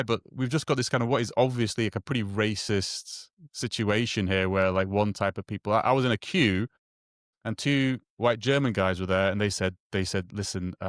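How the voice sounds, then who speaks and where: Halting, low-voiced man telling a story. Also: dry recording, studio quality. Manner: halting, many restarts and repeated words, acts out quoted dialogue. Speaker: guest telling a personal story. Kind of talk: casual conversational storytelling.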